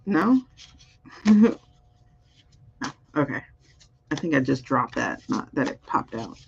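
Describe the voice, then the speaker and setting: A woman's voice: rumbling low, big pitch swings, slow pace, gravelly, a little hiss or hum. A woman doing a live-streamed spiritual card reading, musing aloud over the cards and chatting with viewers. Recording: dull, muffled audio.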